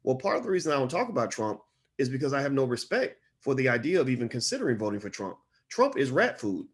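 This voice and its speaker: A middle-aged man giving solo commentary, impassioned, repeating his phrases and climbing higher as he gets worked up. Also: fast talker. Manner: impassioned, repeats phrases, rises in pitch when animated.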